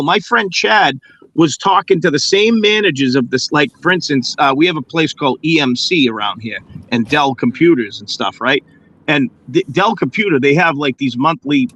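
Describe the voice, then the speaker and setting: Earnest male co-host, argues with examples, slightly high voice. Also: sharp tone, highs cut off. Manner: earnest, argues with hypothetical examples and acted quotes. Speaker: podcast co-host. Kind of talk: casual chat.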